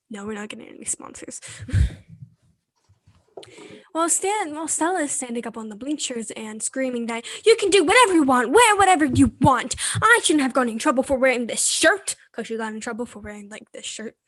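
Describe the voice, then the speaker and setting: A young woman casually retelling a movie plot as co-host, slipping into quick quoted voices. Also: high-pitched, expressive, fairly bright tone, slight background noise. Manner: retells scenes with quick put-on character quotes. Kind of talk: casual chat.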